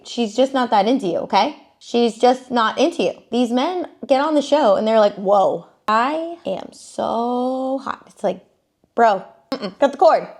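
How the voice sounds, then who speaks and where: A woman's voice: medium pitch, darkish tone. A young woman hosting a casual reality TV recap, chatty and sassy, often mimicking people in exaggerated voices.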